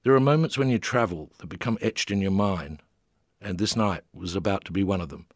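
An older man reading his travel memoir in a lowish voice, measured and gently amused. The sound is close and dry, with no room around it. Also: no echo. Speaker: memoir narrator.

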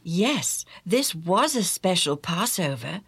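A woman telling a children's Bible story in an expressive way, with exclaimed questions and whispered asides. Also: fairly low pitch, takes it slowly, husky.

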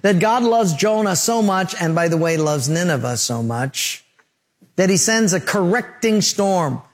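A male pastor preaching a sermon, telling vivid stories with lively emphasis. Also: high-pitched, a little slow. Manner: animated storytelling preacher.

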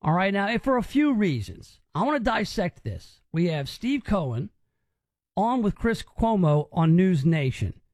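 A male talk radio host comments on news clips in a mocking, incredulous tone. His voice sits high and leaps around with animated swings in pitch. The sound is dry and close. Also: unhurried, dry recording.

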